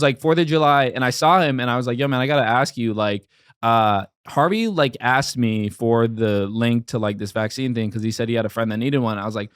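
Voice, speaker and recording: A man's voice: mid-range voice, clear, resonant tone, no room sound, clean studio sound. A young man in his twenties in casual chat, telling a long story with lots of fillers and restarts. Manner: rambling, filler-heavy storytelling.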